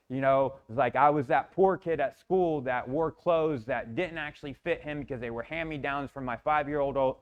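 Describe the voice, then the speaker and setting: A man's voice: medium pitch, dull audio. A man in a motivational talk telling a personal story intensely, often repeating words and restarting, with some swearing. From Florida, USA. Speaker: motivational speaker.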